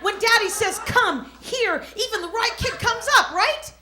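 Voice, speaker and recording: A woman's voice: very high-pitched, normal speed, pushed and bright. A married woman doing stand-up comedy, telling stories in a chatty, playful way. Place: comedy club stage before a live audience.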